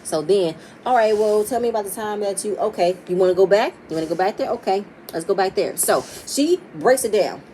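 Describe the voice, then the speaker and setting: Casting note: woman, heated and profane reality-show recapper, mid pitch, faint hiss in the background. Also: expressive, fairly quick, few pauses, dark tone, poor audio. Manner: blunt, heated and profane, acting out quotes from the cast. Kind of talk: casual opinionated episode recap.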